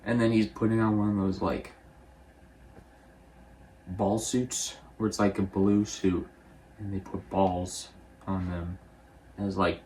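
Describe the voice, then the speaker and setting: A young man casually recapping a movie, rambling and offhand, slipping into quick character voices. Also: deep voice, slight background noise. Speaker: movie reviewer.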